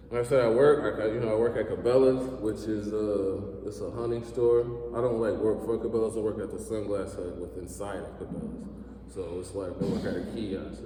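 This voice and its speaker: A man in his thirties doing a stand-up comedy set, telling sarcastic, profane stories and jumping his pitch up when he acts out what he said. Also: warm tone, a little hiss or hum. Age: 30s. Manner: profane, sarcastic storytelling with quick pitch jumps. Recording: echoey hall, mic far off.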